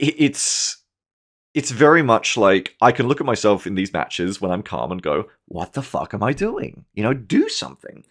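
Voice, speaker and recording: A man in his thirties giving a casual, animated game match review, swearing and acting out his own panicked reactions. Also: mid-range voice. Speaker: gaming commentator.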